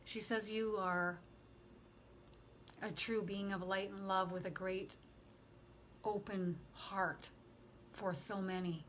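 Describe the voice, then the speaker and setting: A woman working as a spiritual medium, passing on messages in a gentle, emotional way during a channeling session. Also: medium pitch, steady tone, takes it slowly, pauses often, a little hiss or hum.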